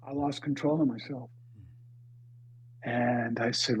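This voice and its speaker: A man in his seventies, a podcast guest, telling a story in a halting, dramatic way that swings between loud and hushed. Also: medium pitch, steady tone, slight background noise. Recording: dry, slightly dull lo-fi recording.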